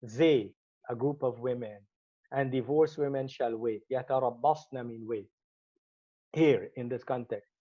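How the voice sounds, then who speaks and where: A man's voice: mid-range voice, fairly quick, mellow. Man teaching grammar, muffled recording. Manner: explains step by step, repeating Arabic words.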